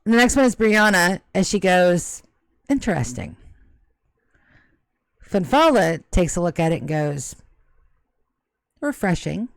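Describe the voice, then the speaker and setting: A woman's voice: lowish voice, animated, normal speed, hardly any pauses, smooth, no echo, studio quality. A woman narrating as game master of a tabletop game, joking and swearing at her players.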